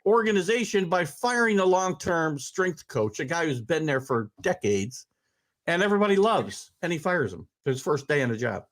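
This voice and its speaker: A man's voice: on the high side, sing-song, normal speed. A man hosting a casual sports talk show, chatting and pushing back on his guest. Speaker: host.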